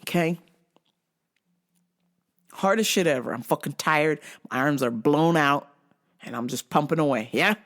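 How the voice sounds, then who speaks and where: With a low-pitched voice, a slightly slow pace, and long pauses, a young adult woman vlogs a comedic storytelling rant. Expect plenty of swearing, lively energy, and shrieks of laughter.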